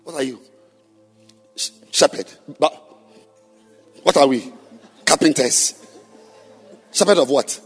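A man preaching to church leaders, questioning members of the congregation and then shouting his points. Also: fairly high pitch, takes it slowly, long pauses, breathy edge, soft background music. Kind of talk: sermon. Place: church hall.

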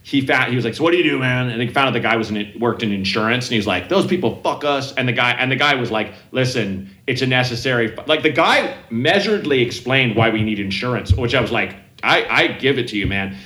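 A man's voice: mid-range voice, fast talker, few pauses, sharp tone, roomy sound. A man in casual chat, telling rambling stories with many restarts and acted-out quotes.

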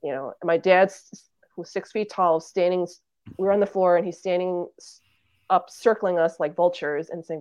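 A woman's voice: on the low side, moderate pace, darkish tone, no echo. A woman in her thirties, a podcast guest, earnestly telling a family story in casual conversation and acting out what relatives said. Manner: earnest storytelling, acts out quoted family members.

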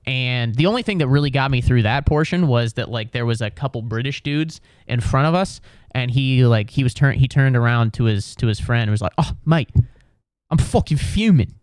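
Rambling American comedian telling a story. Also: male voice, medium pitch, brisk, clean tone, no echo. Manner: rambling, full of "like" and restarts, with sarcasm. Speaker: comedian and podcast host.

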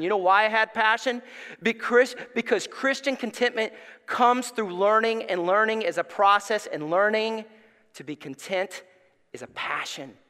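A man preaches a lively sermon, telling stories with energy that swells toward near-shouts. His voice sits high and sounds bright and forceful. It rings with the long reverb of a church sanctuary, picked up by a stage microphone. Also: moderate pace. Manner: animated storytelling, rising to near-shouts. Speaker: pastor.

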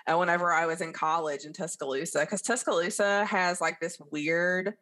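A woman from northeast Alabama with a softened Southern Appalachian accent, chatting candidly as a podcast guest with a self-deprecating humor. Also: lowish voice, steady tone, moderate pace. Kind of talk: casual interview chat.

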